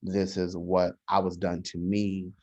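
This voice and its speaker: A man, a social worker, talking in a casual podcast conversation, measured and often restarting his sentences. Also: sits low, monotone, a little mellow. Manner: measured, frequent restarts and hesitations. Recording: dull lo-fi sound.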